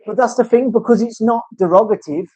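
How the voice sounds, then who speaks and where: A man's voice: high voice, a little fast, dark tone, dry recording. A man in casual chat, rambling and swearing through banter in a tattoo studio. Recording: dull, dry lo-fi sound.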